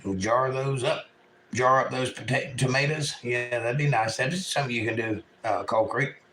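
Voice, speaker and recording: A man's voice: medium pitch, moderate pace, fairly bright tone, slight background noise, rough recording. A man from eastern North Carolina with a Southern accent, hosting a casual livestream at home and reading chat messages aloud in a folksy way.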